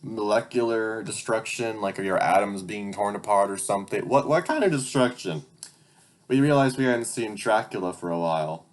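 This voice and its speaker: A man's voice: on the low side, normal speed. A young man reading his childhood stories aloud, breaking off for incredulous, sarcastic, swearing asides. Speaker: channel host.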